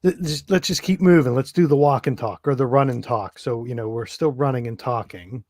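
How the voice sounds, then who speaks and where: A man's voice: medium pitch, fairly quick, a little mellow, dry recording, studio quality. A man playing a tabletop game, thinking aloud hesitantly with many restarts. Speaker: player.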